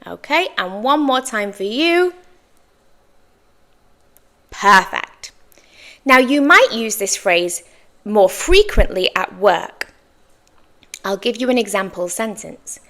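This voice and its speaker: A woman teaches an English lesson slowly and clearly, offering encouraging praise and exaggerating her intonation so learners can repeat. Her mid-range voice is animated and a bit bright.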